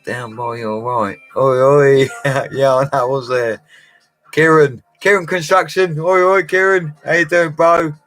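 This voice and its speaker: A man's voice: a little high, steady tone, measured pace, a bit bright, faint music behind, low-quality recording. A middle-aged man, rambling through a casual live stream with laddish banter and frequent laughter. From Colchester, England. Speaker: livestream host.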